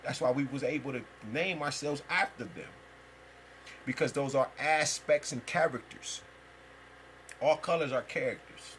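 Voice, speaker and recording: A man's voice: mid-range voice, measured pace, fairly bright tone, a little hiss or hum, poor audio. Man in a rambling, profane spiritual monologue. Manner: rambling, emphatic and profane, with heavy slang. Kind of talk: free-flowing spiritual monologue.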